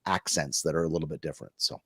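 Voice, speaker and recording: A man's voice: a bass voice, rapid-fire, slightly rough, no room sound. Chatty, encouraging man, dry sound. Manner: encouraging, chatty, plain-spoken. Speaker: guest test-prep expert. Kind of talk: webinar advice and Q&A.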